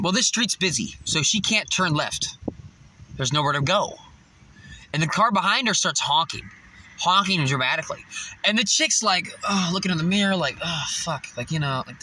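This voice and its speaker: Man ranting, swears a lot, high lively voice, very bright and sharp, faint noise behind. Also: low-quality recording. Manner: blunt, swears constantly, fired-up. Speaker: vlogger. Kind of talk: profane ranting monologue. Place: parked car in a parking lot.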